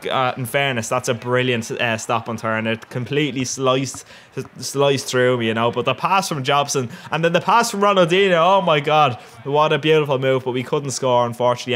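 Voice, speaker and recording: A young man with an Irish accent giving casual, rambling and cheeky commentary over his football video game matches. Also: mid-range voice. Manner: rambling and cheeky, with bursts of excitement. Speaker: gaming commentator.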